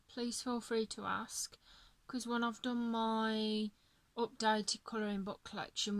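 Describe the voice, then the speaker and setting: A woman's voice: a little high, a bit bright, dry recording. A tired woman chatting casually about her coloring pages, yawning and apologetic. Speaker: coloring channel host. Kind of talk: casual show-and-tell chat.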